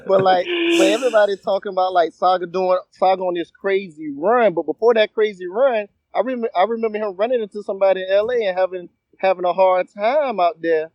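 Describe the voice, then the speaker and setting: A man's voice: high-pitched, fairly quick, few pauses, a little mellow, no room sound, highs cut off. A man co-hosting a casual chat, joking and slangy. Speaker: co-host.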